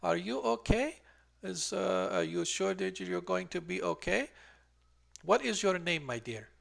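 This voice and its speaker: A man's voice: a little high, expressive, moderate pace, fairly bright tone. A man voicing a fussy, motherly old midwife who speaks in doting, slightly broken phrases. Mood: fussing.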